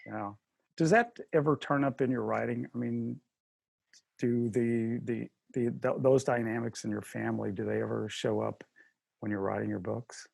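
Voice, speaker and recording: Gravelly guy hosting a video call interview, jokey and rambling. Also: mid-range voice, steady tone, moderate pace, darkish tone, dry recording, clean studio sound. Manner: jokey, chatty, with filler words. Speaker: host.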